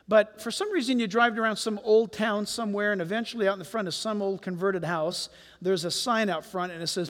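A man preaching a sermon as pastor in a church, animated and firing rhetorical questions at his congregation. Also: high voice. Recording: long hall reverb.

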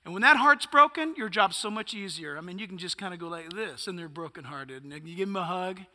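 A man's voice: high voice, lively intonation, a little fast, sharp tone, long reverb tail. A male pastor preaching a sermon, emphatic and punchy, firing off rhetorical questions.

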